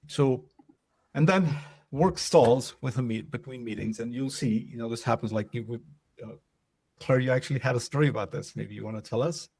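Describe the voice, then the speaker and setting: A man presents a casual webinar in a medium-pitched, slightly mellow and slightly rough voice at a moderate pace, recorded dry. He talks loosely and conversationally, using lots of fillers and asking whether things make sense.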